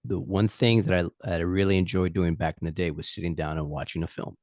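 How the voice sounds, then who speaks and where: A man's voice: low voice, steady tone, fast, a little mellow, no echo, studio quality. A man hosting a casual podcast over a video call, easygoing, laughing and swearing. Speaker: podcast host.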